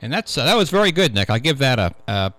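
A man's voice: mid-range voice, very animated, quick pace, fairly bright tone. A man hosts a talk radio show about computers, wandering through his points with plenty of uhs. His voice sits in an ordinary male range. The studio sound is close and dry, with no room echo. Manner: rambling with frequent uh fillers. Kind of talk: casual tech radio talk. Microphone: studio microphone.

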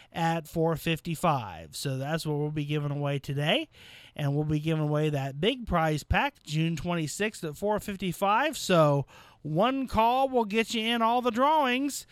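A man's voice: high voice, fairly bright tone, clear, resonant tone, no echo. A man hosting a local radio call-in trivia show, friendly and chatty with callers.

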